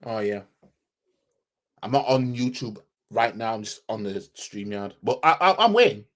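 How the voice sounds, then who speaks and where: A man's voice: on the low side, a little slow, fairly bright tone. A man from Yorkshire hosting a football fan live stream, sarcastic and repetitive as he reads out viewer comments and argues with them.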